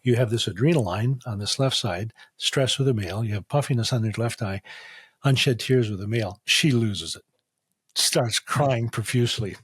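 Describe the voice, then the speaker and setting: A man's voice: mid-range voice, normal speed, breathy edge, no room sound. A man guest in an interview, telling a patient story animatedly and acting out the dialogue. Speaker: guest, facial diagnosis practitioner.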